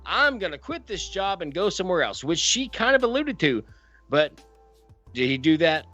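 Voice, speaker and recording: A high, wildly swooping man's voice puts on a thick Southern drawl to play a folksy courtroom judge, ranting loud and theatrical. The podcast audio is a little dull and lo-fi, with faint music underneath. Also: very animated, moderate pace, dry recording. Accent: put-on Southern US drawl. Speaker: podcast co-host playing a judge. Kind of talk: comic mock-courtroom rant.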